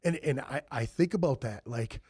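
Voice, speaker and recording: A man's voice: medium pitch, normal speed, a little mellow, slightly rough, dry recording, clean studio sound. A middle-aged man hosting a podcast, telling stories in casual chat, swearing freely and laughing often. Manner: profane, laughing storyteller. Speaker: podcast host.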